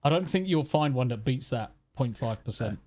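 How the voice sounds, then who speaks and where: A man's voice: medium pitch, expressive, normal speed, darkish tone. A man from Birmingham with a Birmingham accent, hosting a casual livestream chat, swearing freely and laughing often. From Birmingham, England. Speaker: show host.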